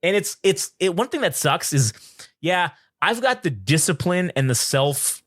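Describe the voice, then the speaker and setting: Young dude podcast cohost, kinda high voice, cussing, animated ranting, dry mic. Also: male voice, a little slow, dry recording. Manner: profane, animated storytelling with mocking voices. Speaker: podcast co-host. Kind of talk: casual chat.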